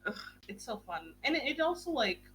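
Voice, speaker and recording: A young woman hosting a book club stream in casual chat, talking in a quick, gushing way and swearing casually. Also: a little high, big pitch swings, fairly bright tone, a little hiss or hum.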